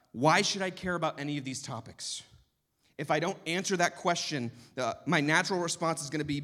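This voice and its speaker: An emphatic man giving a teaching talk to church leaders. His voice sits at an ordinary pitch and keeps building toward urgent intensity. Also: fairly bright tone.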